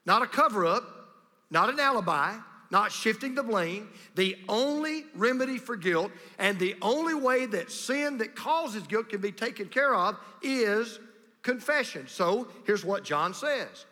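A pastor preaching a sermon, emphatic and repetitive, with a storyteller's delivery. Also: male voice, high voice, expressive, measured pace, pushed and bright. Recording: long reverb of a large hall.

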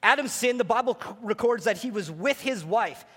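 A man preaching a sermon as pastor, animated and playful, speaking to a congregation. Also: very high-pitched, normal speed, slightly rough, in a large hall. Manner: animated, preacherly, acts out voices. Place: church sanctuary.

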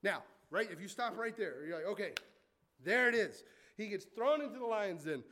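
A man preaching a sermon, reading scripture aloud and breaking into casual asides, swinging from loud emphasis to quiet, hushed remarks. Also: high voice, lively intonation, moderate pace, a little hiss or hum. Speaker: pastor.

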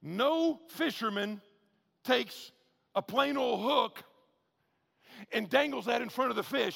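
A male pastor preaching in a conversational, animated way, with shouted emphasis and quick, low asides. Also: gravelly, big-room sound. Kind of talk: sermon.

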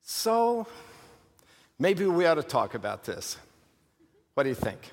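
A male pastor preaching an animated, emphatic sermon with rhetorical questions and humorous asides. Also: medium pitch, moderate pace. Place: church sanctuary. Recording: long hall reverb from a church.

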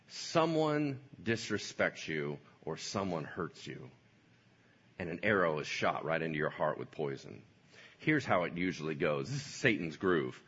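A male pastor preaches with a wide-ranging, animated delivery, slipping into playful voices as he explains. His tone is bright with a husky edge, and the recording sounds dull and lo-fi. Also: on the low side. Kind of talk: sermon.

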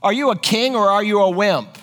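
Domineering mocking queen, high voice, a preacher playing her, long church reverb. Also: fairly quick, fairly bright tone. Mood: taunting. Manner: taunting, mocking. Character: scornful scheming queen, woman, domineering.

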